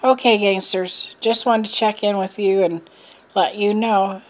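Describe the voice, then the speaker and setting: A woman's voice: medium pitch, steady tone, normal speed. Frustrated middle-aged woman venting. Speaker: vlogger. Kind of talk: casual chat to camera.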